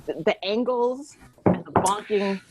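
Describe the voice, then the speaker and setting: A woman's voice: medium pitch, measured pace, heavy background noise. A woman hosting a podcast, chatting casually and laughing often as she recaps. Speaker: podcast host. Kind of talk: casual chat.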